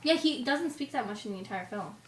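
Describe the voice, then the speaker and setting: A young woman co-hosts a relaxed movie podcast, playful and quick with teasing questions. Her voice sits high, and the room sounds echoey. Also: distant mic. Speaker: podcast co-host. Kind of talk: casual chat about movies.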